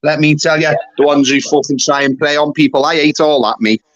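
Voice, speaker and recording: A man from England with a slightly high voice, recorded dry and close with no room sound. He talks bluntly and swears freely, tacking "mate" onto his sentences as he chats casually with a caller on his livestream. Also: little pitch movement, a little fast, dry recording, muffled recording. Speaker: YouTube livestream host. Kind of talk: casual call-in chat.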